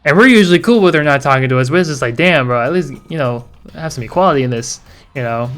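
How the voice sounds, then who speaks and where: A man's voice: fairly high pitch, expressive, fast, a bit bright, faint music behind. Laid-back, slangy man reacting to a game. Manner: laid-back slangy rants, swears freely. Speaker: gaming channel host. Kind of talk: casual gaming reaction commentary.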